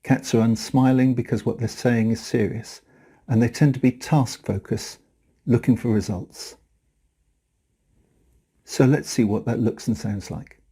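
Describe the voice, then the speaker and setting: A man's voice: medium pitch, a little slow, long pauses, slightly rough. A man narrating a lesson on communication styles and demonstrating them with his own voice. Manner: demonstrates speaking styles, flat falling delivery then bouncy rising lilt. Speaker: communication trainer. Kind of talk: scripted instructional narration.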